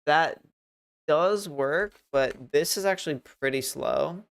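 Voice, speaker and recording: On a livestream, a man offers casual commentary on his game, rambling, poking fun at himself, and thinking out loud as he works things out. His gravelly, creaky voice is fairly high-pitched and slow, yet it comes through smooth and clear on a desk mic with a noise gate.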